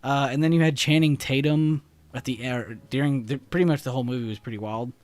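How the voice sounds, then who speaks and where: A man's voice: mid-range voice, steady tone, a little fast, no room sound. A young man hosting a livestream, chatting casually and laughing easily in a laid-back, slangy way. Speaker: trading livestream host.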